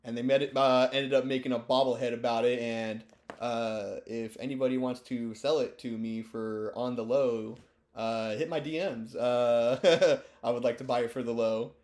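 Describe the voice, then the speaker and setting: A man's voice: mid-range voice, fairly even intonation, normal speed, darkish tone. A stoned man giving rambling, joking, profane commentary over sports clips. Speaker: video host.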